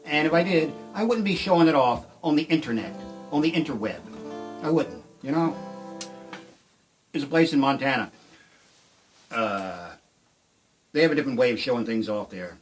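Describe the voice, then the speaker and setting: A middle-aged man doing rambling, deadpan stand-up storytelling on a live stream from his shed, with sudden shouted outbursts. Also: medium pitch, normal speed, long pauses, soft background music. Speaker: comedian and musician. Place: home shed.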